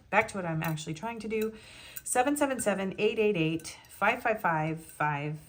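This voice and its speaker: A woman's voice: medium pitch, expressive, normal speed. A young woman giving a casual tarot love reading, chatting and giggling between the card messages she reads aloud. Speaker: tarot reader.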